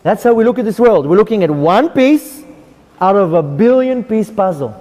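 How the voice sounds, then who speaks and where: A man's voice: high-pitched, animated, normal speed, dark tone, long reverb tail. A rabbi, a man, telling of his near-death experience, emphatic and repeating phrases for effect.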